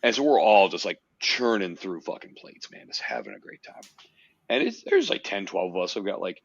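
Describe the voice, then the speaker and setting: A man hosting a podcast, telling a story in a casual, animated way, swearing freely. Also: low-pitched, moderate pace, slightly rough, no room sound, lo-fi sound. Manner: animated storyteller, swears freely, puts on silly voices in quotes. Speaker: podcast host.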